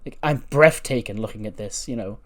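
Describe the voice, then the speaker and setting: A man's voice: fairly low pitch, a little fast, natural voice. A man voicing a flamboyant, self-absorbed female wrestling star who gushes theatrically. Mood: gushing. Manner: theatrical, vain, gushing.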